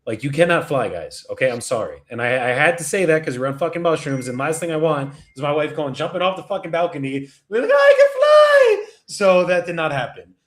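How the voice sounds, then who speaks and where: A man's voice: on the high side, quick pace, few pauses. A man hosting a casual motivational talk, blunt and heavily profane.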